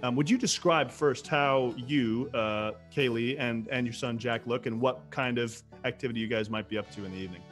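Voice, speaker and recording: A man narrating a tabletop role-playing game as game master, relaxed and quick to laugh. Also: mid-range voice, soft background music.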